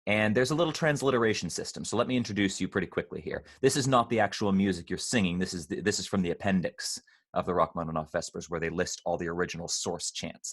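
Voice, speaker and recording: A man's voice: lowish voice, a bit bright. Patient man teaching choir pronunciation. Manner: patient, explanatory, demonstrates sounds slowly. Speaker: choir director. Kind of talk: online choir rehearsal lesson.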